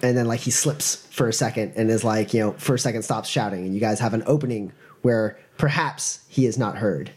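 A man narrating as game master of a tabletop role-playing game, relaxed and chuckling, with many fillers. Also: on the low side, fairly quick, hardly any pauses, slightly rough.

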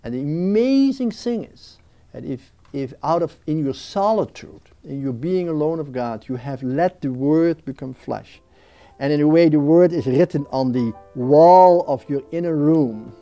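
Faint music plays behind a man with a somewhat high voice who talks a little slowly. He's being interviewed about prayer, speaking in an earnest, reflective way, frequently starting sentences over and playfully acting out how restless thoughts race by.

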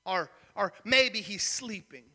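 A young man preaching a sermon, telling a story with shouted peaks and sudden soft drops. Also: sits high, animated, slow pace, in a large hall. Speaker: pastor.

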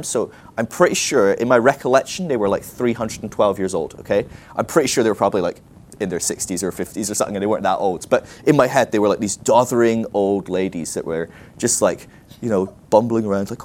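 Male speaker, lower pitch, very animated, casual self-mocking sermon storytelling. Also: fast. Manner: casual, self-deprecating, full of "like" and restarts. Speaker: guest speaker at a ministry school.

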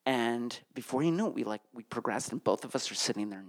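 A man from Connecticut telling a comic personal story on stage, his voice jumping high whenever he gets flustered. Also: brisk, few pauses. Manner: animated, voice jumps high when flustered.

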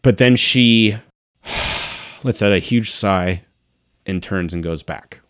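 A man with a fairly low voice narrates a tabletop game as game master. He describes each scene and quiets down for the dramatic moments, and the recording is dry and close. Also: slow pace, clear, resonant tone, no echo.

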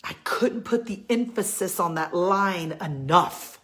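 A woman's voice: on the low side, slow pace, fairly bright tone. A woman giving a heartfelt faith talk to her women followers, earnest and pleading, repeating her key lines for emphasis. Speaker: Christian women's encourager.

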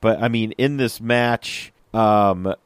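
A man's voice: on the low side, takes it slowly, clear, resonant tone, dry recording. Rambling young man co-hosting a podcast. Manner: rambling, filler-heavy. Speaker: podcast co-host. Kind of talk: casual chat.

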